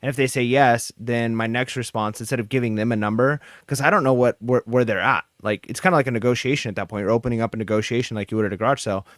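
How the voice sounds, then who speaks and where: A man's voice: mid-range voice, fast, few pauses, fairly bright tone, no room sound, clean studio sound. A man co-hosting a casual podcast, joking around and giving practical advice. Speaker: podcast co-host.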